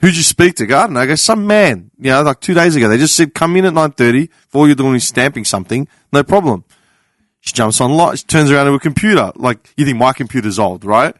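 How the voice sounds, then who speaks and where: An Australian man on a podcast panel, telling a story in a casual, animated way. He acts out the people in his story, swears casually and laughs often. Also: mid-range voice, fast, no room sound, studio quality.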